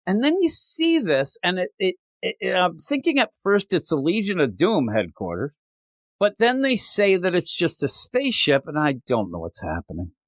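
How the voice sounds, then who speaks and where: A man's voice: sits high, huge pitch swings, moderate pace, dry recording, studio quality. A man co-hosting a comic book podcast, recapping an issue in casual, profane, sarcastic chat and acting out the characters' lines.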